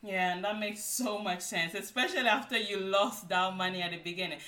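A woman's voice: medium pitch, brisk, pushed and bright. A woman hosting an interview, affirming her guest and asking questions. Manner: encouraging, affirming. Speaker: interview host. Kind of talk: interview conversation. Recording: roomy, distant mic.

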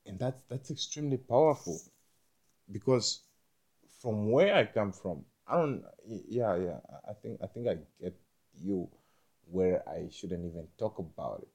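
A young man talking in a rambling monologue, halting and repeating himself, with frequent swearing. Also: fairly low pitch, animated, darkish tone.

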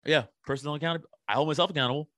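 A man, a podcast guest, telling a story in casual chat, animated and full of swearing. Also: on the high side, rapid-fire, no room sound, clean studio sound.

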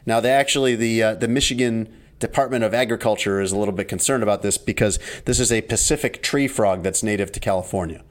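A man's voice: on the low side, fast talker. Wry man telling a story. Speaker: podcast co-host. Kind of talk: casual chat.

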